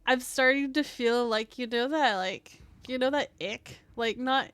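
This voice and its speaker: A woman's voice: on the high side, measured pace, a bit bright, clean tone, no echo. A tired woman with a scratchy throat, rambling as she streams a game, full of fillers, swearing and joking at her own expense. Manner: rambling, filler-heavy, swears freely, self-mocking. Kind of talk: casual live-stream chat.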